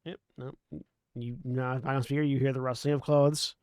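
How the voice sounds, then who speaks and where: A man running a tabletop horror game as game master, describing scenes in a halting way with frequent restarts. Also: mid-range voice, flat delivery, darkish tone.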